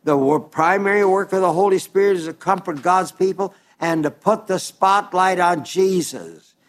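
Earnest preacher, slightly high male voice. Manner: earnest, plain-spoken, addresses listeners as dear friends; reads scripture aloud slowly and deliberately. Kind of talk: sermon.

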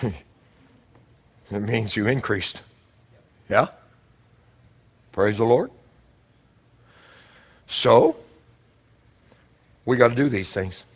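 A man preaching a sermon, moving from calm scripture reading to loud, shouted exhortation, repeating phrases for emphasis. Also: lowish voice, extremely slow, long pauses, slightly rough. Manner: swings from quiet teaching to loud shouted exhortation.

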